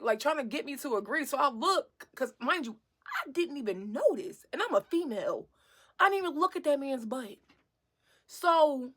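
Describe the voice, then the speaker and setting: A young woman telling a casual storytime, animated and swearing freely, laughing as she goes. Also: sits high, moderate pace.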